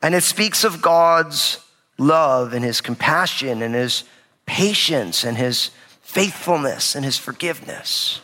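Bright-voiced man preaching in a big hall. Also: a little high, lively intonation, slow pace. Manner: casual storytelling preaching, retells scripture in everyday speech. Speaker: pastor. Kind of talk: sermon. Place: church sanctuary with a live audience. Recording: long reverb of a large hall.

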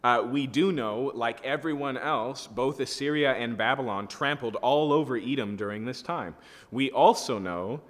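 A man's voice: mid-range voice, normal speed, big-room sound. A man teaching through scripture as a pastor, reading verses aloud and explaining them in a conversational way, often checking in with his listeners. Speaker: pastor teaching a Bible study. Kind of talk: expository sermon with scripture reading.

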